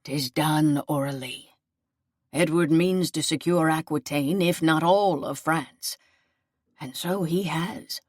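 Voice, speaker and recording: Casting: a woman playing an old crippled seneschal, deep-ish, slow and gentle. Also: no room sound, studio quality. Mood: solemn. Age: older. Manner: slow, solemn and fatherly. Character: aging wounded male seneschal, gentle and loyal.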